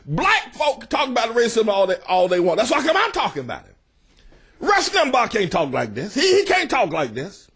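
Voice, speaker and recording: A man preaching a fiery political sermon, often shouting in a preacherly way, his pitch swooping high and low. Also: wildly swooping pitch, a little fast, breathy edge. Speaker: pastor.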